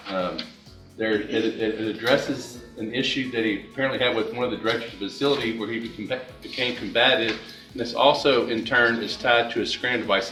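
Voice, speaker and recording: A man argues as defense attorney in a courtroom, speaking haltingly with frequent restarts. He sounds distant from the mic, in an echoey room. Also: medium pitch, bright, forceful tone. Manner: halting, many fillers and restarts. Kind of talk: courtroom argument.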